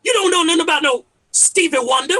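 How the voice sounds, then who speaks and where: A man voicing his nostalgic older father, who scolds young people in a loud, high shout. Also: fast talker. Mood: scolding.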